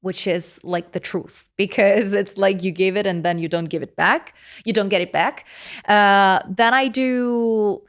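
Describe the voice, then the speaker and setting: A smooth-voiced woman from Rome, Italy, with a Roman Italian accent, chats casually as a guest in an interview; she is a polyglot content creator. Her voice is mid-range and her pace measured. She tells stories in an expressive, lively way, with frequent hesitations.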